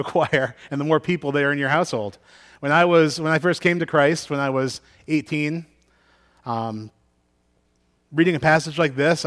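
With a voice on the high side and a bit bright, this middle-aged pastor reads from scripture before telling self-deprecating stories in a conversational sermon, restarting himself often.

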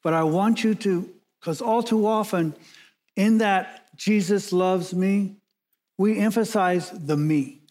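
A man preaching a sermon as pastor, measured and emphatic, slowing down and pausing to stress key words. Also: high-pitched, a little mellow.

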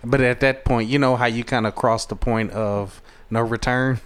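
A man talking as a podcast guest, telling a story in a relaxed, low-key way. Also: moderate pace, clean tone. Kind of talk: casual chat.

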